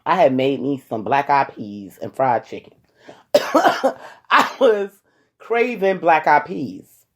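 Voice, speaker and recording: A woman talking casually to her viewers, retelling a personal story in a dramatic, animated way with many quoted asides. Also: deep voice, slow. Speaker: vlogger.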